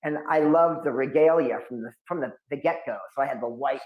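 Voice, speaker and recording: The voice is medium-pitched and fairly quick, with phone-quality sound and a roomy echo. It belongs to a man in his fifties from New England, an occult expert guest who tells long stories in an interview and animatedly acts out the people he quotes.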